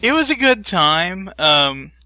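Guy co-hosting a podcast, bright tone, dry mic, rambles with lots of ums. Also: high voice, slow pace, clean tone, no echo. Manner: animated storyteller, many fillers. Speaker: podcast co-host. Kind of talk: casual chat.

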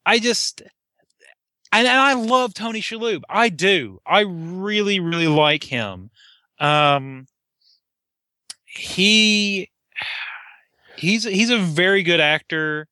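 A man's voice: high-pitched, animated, slow pace, pauses often, bright, forceful tone, no echo, studio quality. A man co-hosting a casual podcast chat, restarting his sentences and building to emphatic rhetorical questions. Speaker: podcast co-host.

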